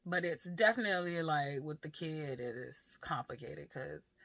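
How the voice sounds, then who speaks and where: A woman's voice: deep voice, expressive, normal speed, creaky, fairly bright tone, no echo. A woman vlogger and mother talking frankly about her life and parenting, laughing often and swearing freely, with many fillers. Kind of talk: candid personal talk to camera.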